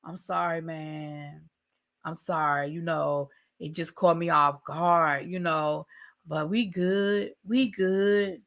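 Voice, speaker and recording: A woman quoting a nonchalant, dismissive young man in a low mumbled drawl. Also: steady tone, a little fast, vocal fry, few pauses, sharp tone, full character voice.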